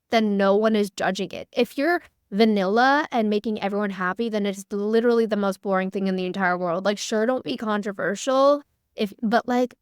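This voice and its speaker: A woman's voice: medium pitch, clear, resonant tone, dry recording, studio quality. A young woman hosting an online workshop for creators, talking in a candid, chatty way with lots of "like" fillers. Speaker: workshop host. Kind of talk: casual workshop talk.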